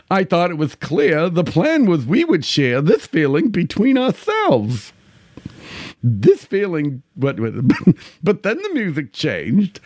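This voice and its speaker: A man doing a creepy clown voice, reciting lines in a slow, drawn-out sing-song. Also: on the high side, no echo, studio quality, full character voice. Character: creepy male clown crooning song lyrics.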